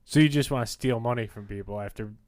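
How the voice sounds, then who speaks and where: A man's voice: medium pitch, quick pace, darkish tone. A young man co-hosting a podcast, chatting casually and telling crude jokes. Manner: crude, joking, tells dirty bar jokes. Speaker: podcast co-host.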